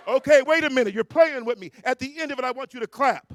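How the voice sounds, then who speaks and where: A man giving a motivational speech to a crowd at a live event, playful and slangy, shouting and counting off the audience. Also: extremely high pitch, fast talker, hardly any pauses. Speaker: motivational speaker at a youth conference. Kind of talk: motivational speech with call-and-response. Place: hotel ballroom at a live event.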